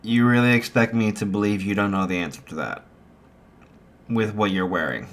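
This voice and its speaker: A man's voice: fairly low pitch, moderate pace, voice pushed down, natural voice. A man voicing a brash, sarcastic young classmate in a fan story. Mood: teasing. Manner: sarcastic, teasing.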